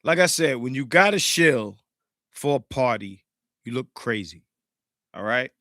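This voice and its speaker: A man hosting a podcast in a casual, profane, animated way, greeting live chat viewers, sounding slightly congested. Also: mid-range voice, measured pace, dry recording, clean studio sound. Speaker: podcast host.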